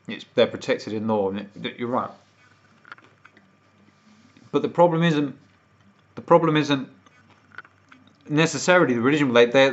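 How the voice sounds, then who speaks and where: British man, livestream rant, swearing, heated, mid pitch, muffled lo-fi sound. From United Kingdom. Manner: ranting, swearing, more worked up as he goes. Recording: dull lo-fi stream audio.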